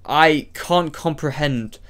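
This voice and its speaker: A man's voice: on the high side, slow pace, fairly bright tone, clean tone. Furious man ranting with heavy profanity. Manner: furious, profane, repetitive insults with brief apologetic asides. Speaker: vlogger. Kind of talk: angry ranting monologue addressed to one person.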